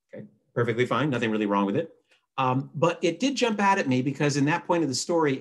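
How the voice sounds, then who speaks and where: A man, a newspaper editor, giving a relaxed, chatty writing lesson over a video call, reading example sentences aloud to show their rhythm. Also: medium pitch. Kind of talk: conversational online writing lesson. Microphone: computer mic on a video call.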